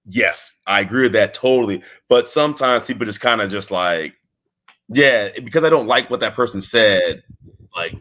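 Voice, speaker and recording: A man's voice: fairly low pitch, lively intonation, moderate pace, a bit bright. A man from Texas, a wrestler as interview guest, talking in a laid-back, rambling way with restarts and laughs. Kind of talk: casual interview chat.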